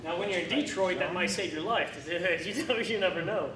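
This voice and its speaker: High-voiced firearms instructor in echoey room. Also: male voice, fairly quick, a crowd in the background. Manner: animated, coaching, acts out student reactions. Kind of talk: classroom instruction. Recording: echoey room, distant mic, faint noise.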